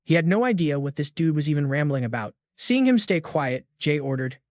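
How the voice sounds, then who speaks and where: A man's voice: on the high side, expressive, brisk, hardly any pauses, a little mellow, dry recording, clean studio sound. Slangy man narrating a story recap. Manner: jokey, slang-heavy asides.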